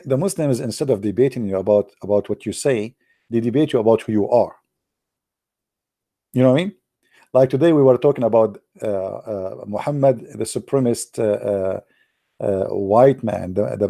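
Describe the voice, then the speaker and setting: Sarcastic non-native man with a gravelly voice. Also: mid-range voice, warm tone, no room sound, studio quality. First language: not English. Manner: sarcastic, repeats words, says "my friend". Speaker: online show host. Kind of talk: casual live commentary.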